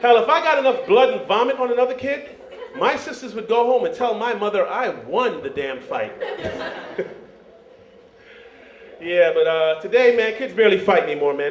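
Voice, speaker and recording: This Jamaican-born stand-up works a club crowd in a relaxed, talkative way, leaning on "you know" and "man." He speaks at a moderate pace in a high, expressive voice, captured in a dull, roomy recording with slight background noise.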